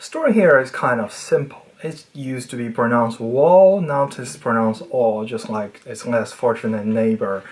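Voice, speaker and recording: A speaker giving a casual educational monologue about language, explaining with a playful, nerdy manner that swings widely in pitch and trails off quietly at the ends of phrases. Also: moderate pace, hardly any pauses.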